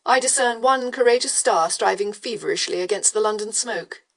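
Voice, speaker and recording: An idle, self-assured nobleman from a historical romance speaks in a slow, mocking drawl, needling his companion with polished wit, as a woman narrator puts him on. The voice sits near an ordinary middle register. It is smooth and unhurried. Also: mid-range voice, close to an everyday voice. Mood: teasing drawl. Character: arrogant, lazily teasing male aristocrat rake. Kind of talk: audiobook character voice.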